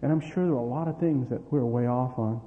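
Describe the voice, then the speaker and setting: A middle-aged pastor preaches and tells family stories at a quick pace in a mid-range voice, laughing and acting out the dialogue with bursts of energy. The recording is tinny and lo-fi, with a long hall reverb.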